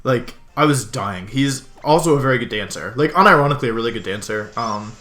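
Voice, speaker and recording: A young Pokémon streamer from Washington, D.C. gives casual commentary over a match, rambling with lots of ums and cutting himself off. He talks fast and expressively in a mid-range, fairly bright voice.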